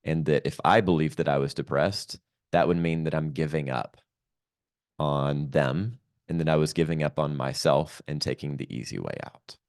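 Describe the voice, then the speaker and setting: Deep gravelly man recalling his past. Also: fairly even intonation, a little mellow, no echo, studio quality. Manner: reflective, halting, many ums. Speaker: podcast guest. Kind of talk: candid personal storytelling.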